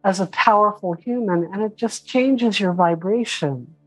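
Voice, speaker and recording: Woman, spiritual teacher, slow unhurried delivery, casual and animated, faint music behind. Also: medium pitch, husky, poor audio. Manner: casual, animated, mimics whiny voices with laughter. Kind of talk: online class lecture.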